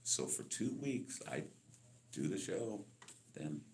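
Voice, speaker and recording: A man's voice: low voice, big pitch swings, takes it slowly, a little mellow, a little hiss or hum. A man in his sixties from Los Angeles, telling stories as a guest on an interview podcast and acting out the voices of people he quotes. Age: 60s. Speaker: guest musician. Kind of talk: storytelling interview.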